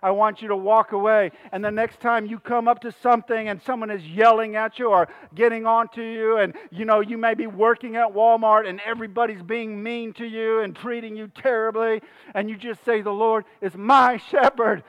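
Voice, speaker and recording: A man's voice: high voice, fairly even intonation, moderate pace, a bit bright. A man preaching a sermon to a congregation, passionate and rhythmic, leading them in call-and-response repetition. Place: church hall with congregation.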